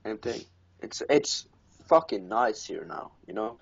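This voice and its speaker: A man's voice: lowish voice, lively intonation, a little slow, vocal fry, breathy edge. Swearing man from Norway, muffled audio. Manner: crude, profane, laughs at his own mishaps. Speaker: podcast co-host. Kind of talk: casual storytelling chat. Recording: dull lo-fi audio.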